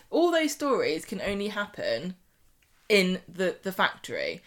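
A woman co-hosting a casual podcast chat, animated and laughing often, often trailing off mid-sentence. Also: medium pitch, moderate pace. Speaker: podcast co-host. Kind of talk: casual chat about a soap.

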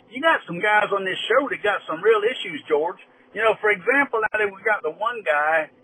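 A man doing a high, bright good-old-boy caller. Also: slight background noise, rough recording. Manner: folksy, conspiratorial, rambling.

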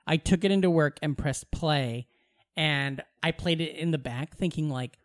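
A man co-hosting a podcast in casual chat, telling lively stories and acting out quotes with frequent laughs. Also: on the high side, normal speed, dry recording, studio quality. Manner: animated storyteller, laughs often, acts out quotes. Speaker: podcast co-host.

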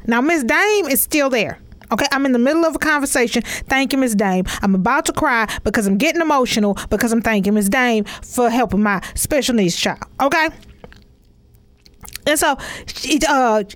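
A chatty woman in her forties, telling a comic story about her kids. Her voice sits a bit high, and she keeps looping back with "you know" and "okay?". The sound is dry and close, with almost no room echo. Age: 40s. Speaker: mother telling a family story. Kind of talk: comedic storytelling monologue.

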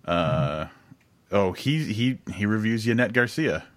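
Male podcast co-host, low voice, relaxed and jokey, swears freely. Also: measured pace. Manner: relaxed, joking, heavy casual swearing. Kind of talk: casual chat.

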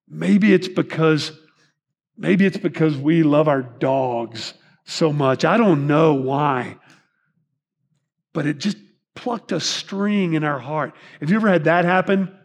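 A pastor preaching a chatty sermon into a microphone, joking with the congregation and asking them many questions. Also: male voice, on the high side. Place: church sanctuary. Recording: reverberant hall.

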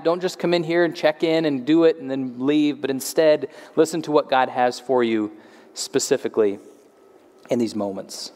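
A man in his thirties preaching a sermon, earnest, repeating words as he restarts and letting his voice fall at the end of phrases. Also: darkish tone. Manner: earnest, drops pitch at phrase ends, frequent restarts. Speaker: pastor. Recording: long hall reverb.

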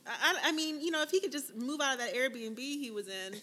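A woman co-hosting a casual podcast, blunt and animated, with lots of fillers and swearing. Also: sits high, fast talker. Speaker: podcast co-host. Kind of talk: casual chat.

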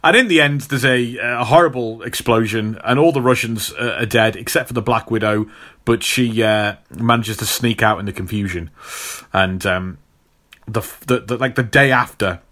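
A man's voice: fairly low pitch, normal speed, a bit bright. A man hosting a casual chat, retelling a comic book story in a rambling way with many fillers.

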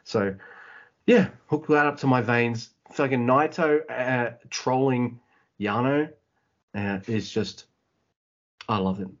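A man co-hosting a podcast in casual chat, profane and excitable, laughing often, on slightly dull lo-fi audio. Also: mid-range voice, slow pace, long pauses. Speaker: podcast co-host.

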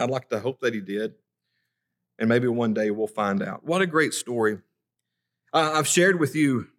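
A man's voice: mid-range voice, a bit bright. A man preaching a conversational sermon in a church, reading scripture and talking earnestly, often stumbling over and repeating his first words. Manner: earnest, repeats words when starting sentences. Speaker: pastor.

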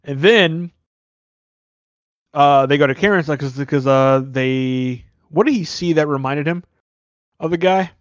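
A man co-hosting a casual movie review chat, animated and incredulous as he recaps scenes, swearing now and then. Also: a little high, unhurried, long pauses, no echo. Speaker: podcast co-host. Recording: dry, dull lo-fi sound.

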